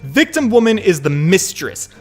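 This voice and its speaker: A male streamer gives animated, joking let's-play commentary and swears freely. His voice sits high and swoops all over. Faint music plays under the talk. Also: normal speed, breathy edge.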